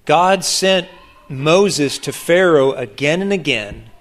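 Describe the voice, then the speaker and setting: A man preaching a sermon as pastor, animated, acting out the voices of the people he quotes, often restarting his sentences. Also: fairly high pitch, takes it slowly.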